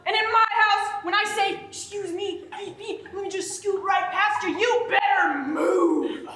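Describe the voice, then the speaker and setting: A woman's voice: very high voice, fairly even intonation, unhurried, pushed and bright, heavily acted. A woman playing a swaggering man hosting a holiday party in a stage comedy sketch, trading cocky, threatening banter. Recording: echoey stage room from a distance.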